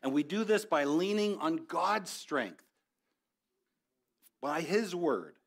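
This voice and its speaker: A man's voice: on the high side, expressive, takes it slowly, gravelly, husky. A middle-aged man preaching a sermon as a pastor, conversational and building to passionate exhortation.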